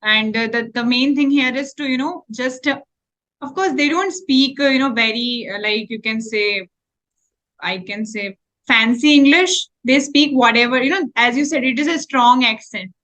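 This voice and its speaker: Mulher animada conduzindo a conversa. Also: female voice, fairly high pitch, moderate pace, fairly bright tone. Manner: encouraging, reassuring. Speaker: interviewer, English teacher. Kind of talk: conversation practice interview.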